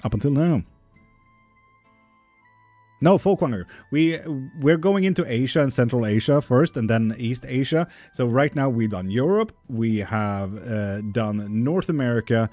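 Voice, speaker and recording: A man's voice: medium pitch, animated, unhurried, darkish tone, dry recording, faint music behind. A man hosting a live tarot stream, chatting casually with viewers and reading their comments. He talks in a joking, rambling way and swears freely.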